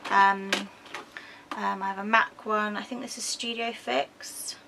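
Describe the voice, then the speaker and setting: A British beauty vlogger with an English accent talks her way through a product walkthrough, hesitating often with ums and correcting herself as she goes. Her medium-pitched voice is fairly even, unhurried, and touched with vocal fry, with noise audible behind her.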